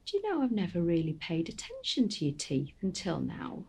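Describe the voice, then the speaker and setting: Soft-spoken mum in grief, husky dark voice, half whispering, halting. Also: female voice, lowish voice, wildly swooping pitch, full character voice. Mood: hushed, tender. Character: grieving middle-aged mother, tender and gentle. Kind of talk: film drama monologue.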